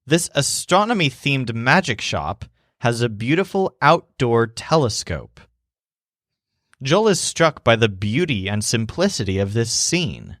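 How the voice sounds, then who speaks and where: A man teaching a language through a scripted story, calm and clear, pronouncing Spanish words carefully. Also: medium pitch, a little slow, no echo, clean studio sound.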